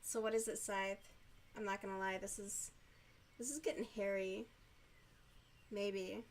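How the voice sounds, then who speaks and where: A woman streamer chatting casually while she crochets, giggly, youthful-sounding and quick to swear. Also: mid-range voice, steady tone, slight background noise.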